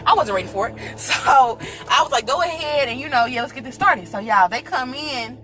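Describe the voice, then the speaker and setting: Woman, storytime vlog, animated, bright tone, slightly high voice, faint music behind. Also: a little fast. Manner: animated, laughing, acts out quoted people. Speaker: vlogger telling a personal story. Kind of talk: casual storytime chat.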